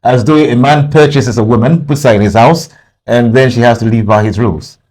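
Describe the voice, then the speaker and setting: A man's voice: mid-range voice, brisk, darkish tone. A man with a Nigerian accent hosting a radio talk show, pushing back on his guest with challenging questions. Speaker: radio host.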